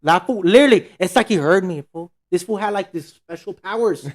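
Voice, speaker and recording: A man's voice: high voice, fairly quick. A man co-hosting a podcast, telling a story in casual, profane slang and acting out what everyone said. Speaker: podcast co-host.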